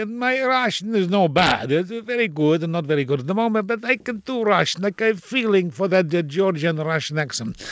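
An older man, an actor, telling indignant, expressive anecdotes in an interview. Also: a little high, no room sound. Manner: expressive, indignant storyteller with quoted voices.

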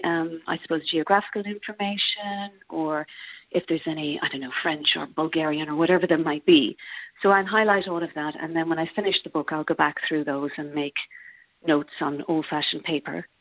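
A woman's voice: deep voice, moderate pace, dry recording. Woman on a tinny phone line. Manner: chatty, lively, laughs easily. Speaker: audiobook narrator. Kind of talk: interview guest over a remote line.

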